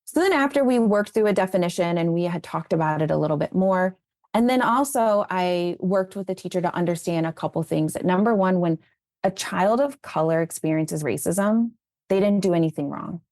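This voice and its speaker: A woman's voice: on the low side, brisk, no room sound, clean studio sound. A woman being interviewed as an educator, telling stories about raising children in an earnest, conversational way. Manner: earnest, animated when retelling conversations.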